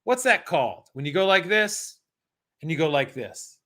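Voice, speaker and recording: Lively, bright-voiced American man teaching live. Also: on the high side, moderate pace. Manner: energetic, chatty, talks to viewers in chat. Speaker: exam prep instructor. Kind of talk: live-streamed Q&A lesson.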